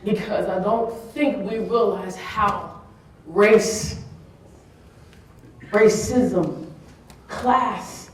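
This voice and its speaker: A woman's voice: mid-range voice, a little hiss or hum. A woman giving an earnest, emotional speech at a summit, with laughing asides, recorded in a large conference room. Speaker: keynote speaker. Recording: echoey hall, mic from far off.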